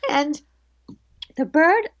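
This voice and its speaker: Animated middle-aged woman telling stories. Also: high-pitched, extremely slow, background noise. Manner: animated storyteller, acts out quoted voices. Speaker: psychic medium guest. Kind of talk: casual interview storytelling.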